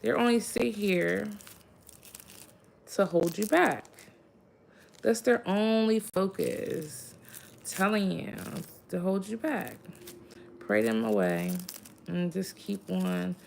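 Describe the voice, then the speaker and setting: A woman's voice: medium pitch, takes it slowly, vocal fry, pauses often, a little mellow, a little hiss or hum. A woman giving a casual spiritual pep talk as a vlogger, blunt and profane, rambling with lots of fillers.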